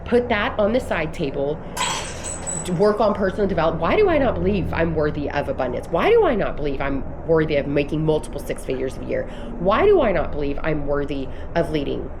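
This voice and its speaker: This woman has a deep voice, heard over background noise. She's an American in her thirties making a casual motivational vlog, coaching on business and belief in an earnest, emphatic way that wanders and often starts over.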